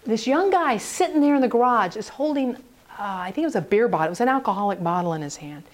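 A woman speaking on prayer ministry, telling a story in an animated way and acting out the voices of the people in it. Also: on the high side, quick pace. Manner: animated, acts out quoted voices. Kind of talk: storytelling talk.

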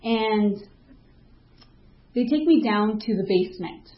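A woman's voice: fairly high pitch, expressive, slow, roomy sound, muffled recording. A woman giving a personal faith testimony in a casual, storytelling way, acting out what people said to her. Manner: vivid storytelling, acting out quoted dialogue; casual, with frequent fillers like "like". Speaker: speaker sharing a personal testimony.

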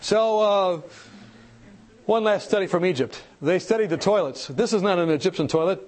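A man giving an animated church seminar talk, telling stories, acting out the people in them and asking the audience questions. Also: high-pitched, moderate pace. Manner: animated storytelling, acts out quoted people. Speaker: health speaker.

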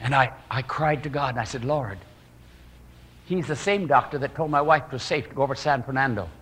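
A man evangelist telling a personal story in an earnest sermon style, his voice dropping to hushed, prayerful tones. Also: medium pitch, fairly quick, big-room sound.

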